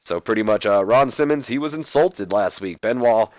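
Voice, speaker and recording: Low-voiced casual man. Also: animated, moderate pace, no echo. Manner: casual, rambling, reads out scripted lines. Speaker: let's play host. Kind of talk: game commentary recapping a wrestling sim.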